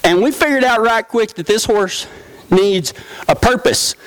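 A middle-aged man giving a humorous storytelling talk from a stage, folksy and quick to laugh. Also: high-pitched, no room sound. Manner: folksy, animated, laughs often. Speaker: stage speaker.

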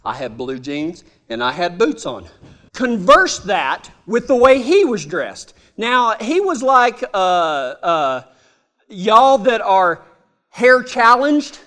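A man's voice: sits high, big pitch swings, takes it slowly, pushed and bright. A man telling a humorous personal story in a folksy, drawling way. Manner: folksy, drawling, self-amused.

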